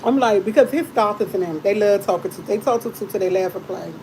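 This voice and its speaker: A woman hosting a live stream tells her viewers a story, animated and exasperated, repeating phrases and swearing freely in blunt, colloquial terms. Her voice is mid-range and quick, and the rough recording carries a little hiss or hum.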